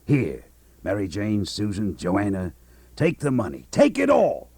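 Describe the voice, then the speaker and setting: A man's voice: fairly low pitch, wildly swooping pitch, measured pace, gravelly, dark tone, slightly rough, dry recording, full character voice. An actor playing an old male swindler, who fakes grief in a theatrical, preaching manner in a radio drama. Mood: pompous. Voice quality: pompous, theatrical preaching delivery. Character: old male swindler posing as a grieving English brother.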